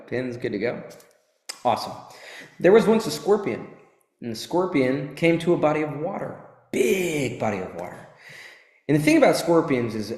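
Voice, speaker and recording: A man giving a casual, animated motivational talk to an audience, swearing and joking as he tells a fable. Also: a little high. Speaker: motivational teacher. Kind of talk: live motivational talk with storytelling. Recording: echoey hall.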